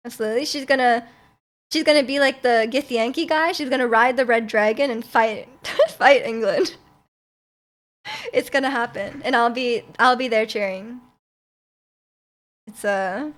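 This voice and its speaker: A woman's voice: on the high side, unhurried, pauses often. A young woman, chatting casually as a livestreamer, giggling and answering her chat aloud. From Canada.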